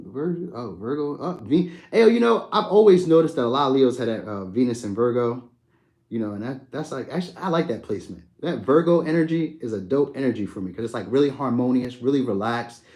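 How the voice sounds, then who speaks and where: A young adult man hosting a live stream, chatting casually and answering viewers' comments by name in a relaxed, slangy way. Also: mid-range voice. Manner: laid-back, slangy, talks to viewers by name.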